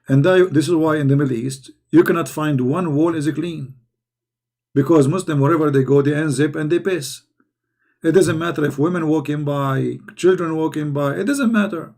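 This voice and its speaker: A hoarse man giving heated commentary in halting non-native English, firing rhetorical questions as he reads texts aloud. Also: fairly high pitch, a little mellow. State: hoarse, losing his voice. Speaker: online commentator. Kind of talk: polemical commentary while reading texts aloud.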